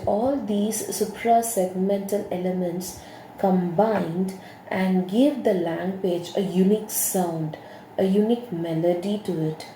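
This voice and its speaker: A woman teacher gives a lecture, her voice mellow and unhurried. She explains things patiently and comes back to the same key terms again and again. The recording sounds roomy, with a faint hiss behind her. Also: mid-range voice. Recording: echoey room with faint hiss.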